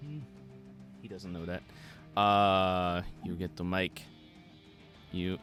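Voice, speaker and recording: A man's voice: low voice, level tone, takes it slowly, a bit bright, soft background music. A man running a live tabletop game as dungeon master, explaining rules and rulings. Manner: rules-focused, explanatory, laughs easily.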